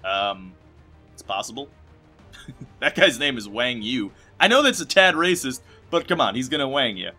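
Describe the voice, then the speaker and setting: A young man chatters through a let's play with a bright, forceful voice at an everyday pitch. He rambles and jokes, leaping into loud excited bursts and then trailing off into low mumbles, with faint music playing under him. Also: moderate pace. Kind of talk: rambling gameplay commentary over credits.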